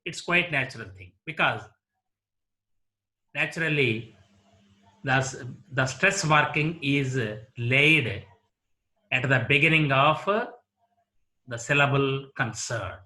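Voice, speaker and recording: Slow, bright-voiced male English teacher. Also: mid-range voice. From India. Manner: slow, deliberate, repeats example words one by one. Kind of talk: classroom lecture on word stress.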